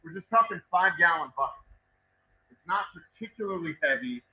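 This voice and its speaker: A man's voice: fairly high pitch, animated, fairly quick, muffled recording, slight background noise. A man chatting casually on a live stream while he works in his distillery shop, rambling, wry and self-mocking, swearing freely. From Texas.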